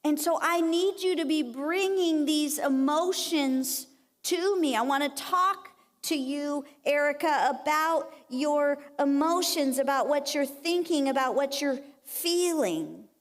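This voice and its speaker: A woman giving a conversational, animated sermon at a church women's conference and acting out the lines she quotes. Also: high-pitched, takes it slowly. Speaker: conference speaker. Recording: long reverb of a church hall.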